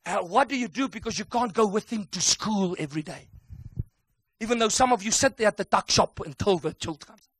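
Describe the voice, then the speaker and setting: A man preaching a sermon with emphatic call-and-response delivery that builds to excited shouts. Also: high voice, fairly quick, a little hiss or hum.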